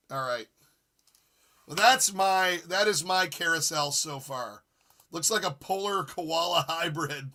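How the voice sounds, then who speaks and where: A man in his forties hosts a live retro gaming stream in an easy, rambling chat. His voice sits a bit high and sounds bright and edged. He jokes around and reacts to his viewers with excitement. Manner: excitable, jokey, reads chat aloud. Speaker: streamer host.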